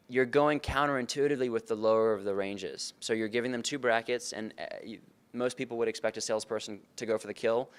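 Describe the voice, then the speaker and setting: A man speaking at a conference in a lowish, smooth and clear voice. He talks earnestly and conversationally, often turning to the audience with questions. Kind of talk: conference talk. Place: conference room.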